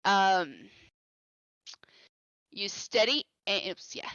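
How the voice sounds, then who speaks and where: A woman with a bright, forceful voice talks through her character's turn over a voice call, blunt and joking and swearing freely. Her dry, close sound comes through a dull, lo-fi home microphone. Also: medium pitch, lively intonation, normal speed, dry recording. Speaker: player. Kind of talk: casual game talk on a voice call.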